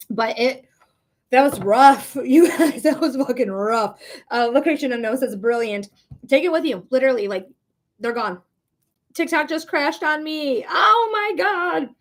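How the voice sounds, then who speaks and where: This is a woman giving a tarot reading on a live stream. Her voice sits a bit on the high side, and she talks in a loose, chatty way. She is frank and swears casually mid-reading. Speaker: tarot reader.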